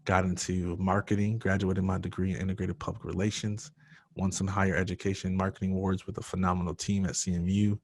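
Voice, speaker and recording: A man with a very low voice tells his own story as a podcast guest, earnest and emotional. The sound is dry and close, with no room around it. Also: flat delivery, fast talker, no echo. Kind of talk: personal storytelling in a podcast interview.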